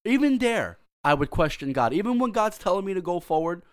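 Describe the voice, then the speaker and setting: A man's voice: sits high, sing-song, a little fast, no room sound, clean studio sound. A man co-hosting a devotional podcast, chiming in to affirm the host and pose questions.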